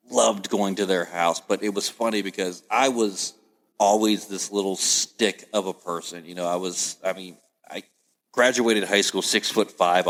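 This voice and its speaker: A man hosting a casual podcast chat, telling lively family stories and acting out the voices of relatives. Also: deep voice. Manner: animated storyteller, acts out family voices. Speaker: podcast host.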